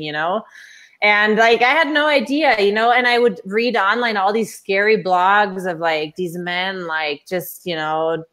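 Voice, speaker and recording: A woman guest in a casual interview, telling stories in an animated way and acting out quoted voices. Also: medium pitch, a little slow. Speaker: interview guest, coach and speaker.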